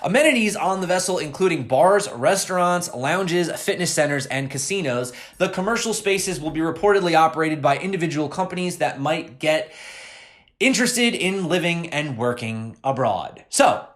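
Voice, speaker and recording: A man's voice: on the high side, lively intonation, moderate pace, fairly bright tone. A young man hosting a crypto news channel, chatting casually and talking straight to his viewers. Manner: chatty, addresses viewers directly.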